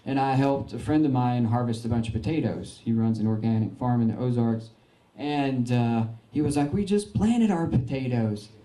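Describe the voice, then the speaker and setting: A young man gives a folksy, earnest slideshow talk, stumbling through fillers and restarts. His voice is mellow and dark. The room around him is echoey. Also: mid-range voice, steady tone, normal speed, few pauses. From Arkansas, United States. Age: young adult. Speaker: veteran giving a slideshow talk. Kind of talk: informal public talk.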